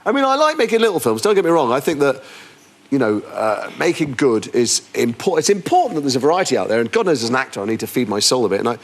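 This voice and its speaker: A man's voice: mid-range voice, fast talker. An English man, a guest actor on a chat show, telling anecdotes with stammering restarts. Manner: animated storyteller, stammering restarts.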